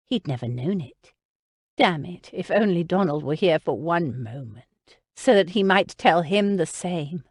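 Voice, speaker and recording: A woman narrating a historical romance audiobook in an expressive, measured manner. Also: on the low side, dry recording, clean studio sound.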